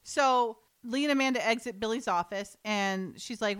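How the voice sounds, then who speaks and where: A woman co-hosting a casual talk show, recapping a TV scene and reading its script lines aloud in quick paraphrase. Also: mid-range voice, a bit bright, clean tone. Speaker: podcast co-host recapping a TV episode.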